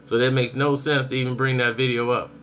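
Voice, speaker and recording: Animated man vlogging, bright voice. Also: mid-range voice, brisk, slight background noise. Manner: animated storytelling, acts out reactions. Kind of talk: casual commentary.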